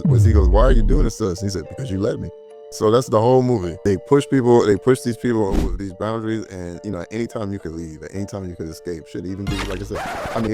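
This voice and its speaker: Fast-talking man recapping a movie. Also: on the low side. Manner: animated retelling, quoting characters in voices. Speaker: movie podcast co-host. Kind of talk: casual movie breakdown chat.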